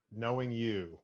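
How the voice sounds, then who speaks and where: A man from Boston, a stand-up comedian guest, laid back and deadpan, slipping crude jokes into the chat. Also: mid-range voice, dull audio. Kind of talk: casual interview chat.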